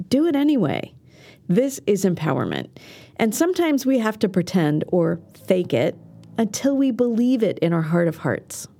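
A woman's voice: mid-range voice, dark tone. A middle-aged woman hosting a self-defense podcast, delivering an earnest, encouraging scripted monologue.

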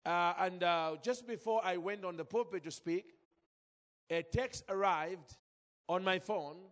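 A man's voice: high voice, unhurried, fairly bright tone, big-room sound. A man from Zambia preaching a sermon, telling a personal story with feeling and calling out to the congregation. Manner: emotional storytelling, calls out to congregation.

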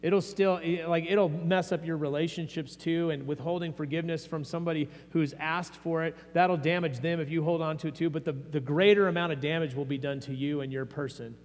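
A man's voice: on the high side, fairly even intonation, brisk. A man preaching a sermon as pastor, earnest and conversational, often restarting his phrases. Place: church sanctuary. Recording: long hall reverb, faint mains hum.

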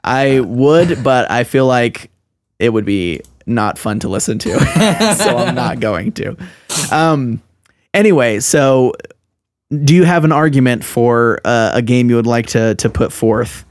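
A man's voice: mid-range voice, lively intonation, unhurried, no room sound. Man chatting in a dry, close sound. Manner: rambling, thinking aloud with many restarts. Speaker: podcast co-host. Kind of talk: casual chat.

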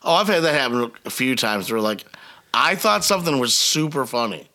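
A man's voice: medium pitch, big pitch swings, brisk, bright, forceful tone. A middle-aged man hosting a podcast, chatting casually with crude jokes and frequent laughter. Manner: crude, joking, laughs often. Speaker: podcast host.

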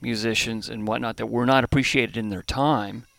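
A middle-aged American brewery founder is interviewed on a podcast from his home in Hawaii, thoughtful and reflective, often restarting phrases as he searches for words. His medium-pitched voice is steady, fairly bright, and touched with vocal fry, at a normal speed in a dry recording.

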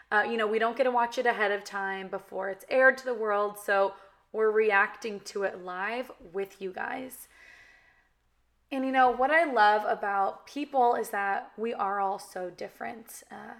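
A woman's voice: medium pitch, fairly bright tone. Young adult woman, valley girl accent, candid chatty talk to camera. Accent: Californian valley girl. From California. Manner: chatty, frequent "you know" and "like". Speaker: reality TV cast member.

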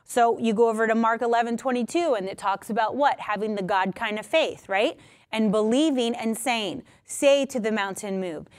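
Preaching at normal speed, a woman with a fairly high voice gives an emphatic sermon. Short phrases are repeated to drive each point home. She occasionally slips into the voices of characters from her stories.

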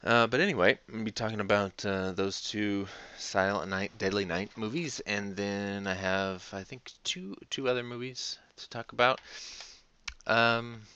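A man's voice: fairly low pitch, fairly even intonation, moderate pace, bright, forceful tone, clean tone. A man hosting a casual solo podcast, rambling with many fillers and frequent laughs. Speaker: podcast host.

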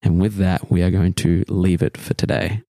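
Deep-voiced man narrating a dream. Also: flat delivery, vocal fry, warm tone, no echo. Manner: slow, descriptive dream narration with pauses. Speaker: game master. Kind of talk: narrating a tabletop game.

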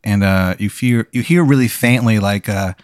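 A young man hosting a comedy podcast, telling an improvised absurd story with deadpan delivery. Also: fairly low pitch, moderate pace, smooth, dry recording, studio quality. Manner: deadpan, building absurd scenarios.

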